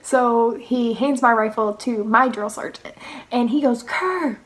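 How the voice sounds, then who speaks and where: Young woman vlogger, high voice, chatty storytelling, acts out the quotes, laughs a lot. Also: steady tone, unhurried, poor audio. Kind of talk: casual storytelling.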